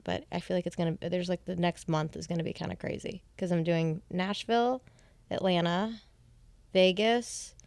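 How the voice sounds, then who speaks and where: A woman's voice: on the low side, fairly even intonation, normal speed, a little mellow, no echo. Young adult woman, comedian guest; loose chatty delivery with frequent laughs; dry, close recording. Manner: chatty, laughs often, many "like" fillers. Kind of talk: casual chat. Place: bedroom.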